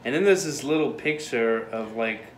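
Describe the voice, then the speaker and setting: A man's voice: mid-range voice, moderate pace, slight background noise. A young man hosting a casual chat, joking and rambling with frequent laughs, in a room at home. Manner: jokey, rambling, laughs often. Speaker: host. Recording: echoey room.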